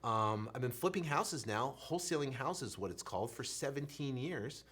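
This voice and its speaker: At normal speed and medium pitch, with a slightly rough voice, a real estate coach in his thirties tells his story. His delivery is animated and motivational, swinging from loud to soft as he acts out his stammering.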